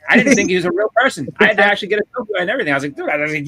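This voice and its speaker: A man with a slightly high voice talks quickly and brightly on a comic book podcast. He laughs a lot and repeats words as he rushes through his stories. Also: lively intonation. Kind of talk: casual chat.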